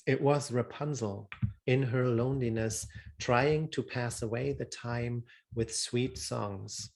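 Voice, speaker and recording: Man, storyteller, reads a fairy tale aloud, very slow, middle pitch. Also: vocal fry. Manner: slow, measured, deliberate reading.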